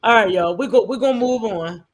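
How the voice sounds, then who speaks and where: A woman's voice: on the high side, a little fast. A woman streamer giving sarcastic, mocking reaction commentary and talking straight to her viewers. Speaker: streamer host.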